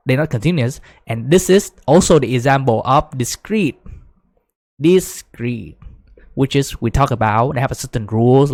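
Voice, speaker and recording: A man's voice: mid-range voice, no room sound, studio quality. Chatty man teaching at a whiteboard. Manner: chatty, many fillers, rising excitement when explaining. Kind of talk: casual whiteboard lecture.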